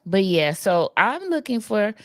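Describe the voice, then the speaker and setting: A woman's voice: mid-range voice, sing-song, measured pace, dry recording, studio quality. A woman co-hosting a casual livestream chat, telling candid personal stories and laughing often. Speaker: co-host and producer.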